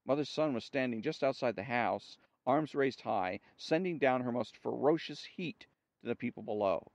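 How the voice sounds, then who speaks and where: A man reading a story aloud in a slow, measured way, with small slips now and then, on a dull dry recording. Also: mid-range voice, animated, gravelly, dry recording.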